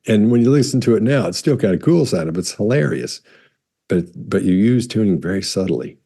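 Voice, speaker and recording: Man, deep mellow voice, slightly husky, loose rambling explainer, compressed studio mic. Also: expressive, brisk. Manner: rambling, self-correcting, demonstrates loud and soft speech. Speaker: body language expert answering viewer questions. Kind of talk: casual explanatory talk.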